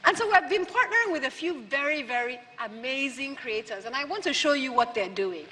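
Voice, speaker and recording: A woman's voice: high-pitched, expressive, brisk, sharp tone, slight background noise. A woman giving a public speech, emphatic and asking the audience rhetorical questions. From Nigeria. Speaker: keynote speaker. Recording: long hall reverb from a venue.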